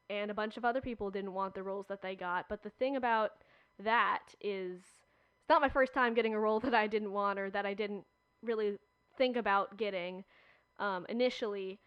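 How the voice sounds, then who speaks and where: Chatty young woman, smooth voice. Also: mid-range voice, no echo, muffled recording. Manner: chatty, animated storytelling with frequent "like". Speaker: podcast guest. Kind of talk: casual chat.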